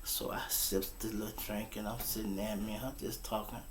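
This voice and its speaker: A man hosting his own show, telling a wild personal story in a casual, animated and profane way and acting out the other people's voices. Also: on the low side, fairly quick, slight background noise.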